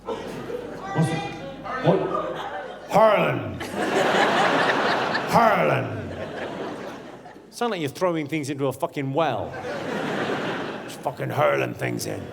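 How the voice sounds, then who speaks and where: A man's voice: mid-range voice, huge pitch swings, unhurried, gravelly, pauses often, heavy background noise. A man doing stand-up crowd work, teasing audience members in a brash, profane way. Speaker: stand-up comedian. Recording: live show in a large hall with loud crowd.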